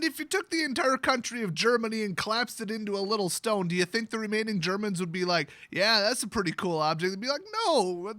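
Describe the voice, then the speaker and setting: A man's voice: high-pitched, sharp tone, no room sound. A man hosting a video, retelling a fantasy novel with sarcastic, mocking asides. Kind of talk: sarcastic comedic story retelling.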